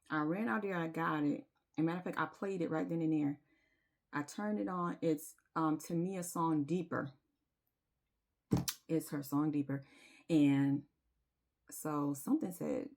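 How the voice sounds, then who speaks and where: A woman's voice: on the low side, gravelly. A woman, telling her viewers a personal story in a confiding, emotional way and singing bits of a chorus. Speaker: spiritual vlogger.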